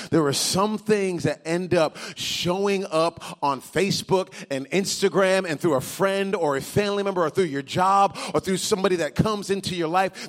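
High-voiced pastor preaching with swings. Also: male voice. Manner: swings between loud emphatic bursts and quiet intimate lows; reads scripture slowly with dramatic weight. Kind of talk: sermon.

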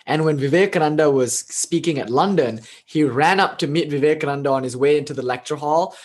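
A male meditation teacher speaks in a relaxed, conversational way with a voice that sits a bit high. He tells his stories animatedly and often breaks into laughter. This is an informal spiritual talk with questions from the group. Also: fairly quick.

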